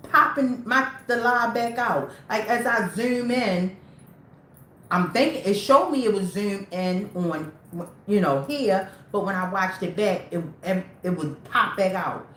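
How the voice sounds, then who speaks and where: A woman's voice: mid-range voice, unhurried, a bit bright, roomy sound, slight background noise. A woman hosting her own livestream, talking casually and rambling straight to her viewers. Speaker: livestream host.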